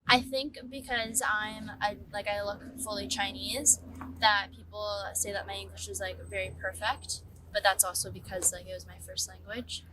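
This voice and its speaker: A woman's voice: medium pitch, steady tone, moderate pace. A woman talking hesitantly in an interview, full of fillers, recorded from a distance with faint noise behind. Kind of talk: casual interview talk.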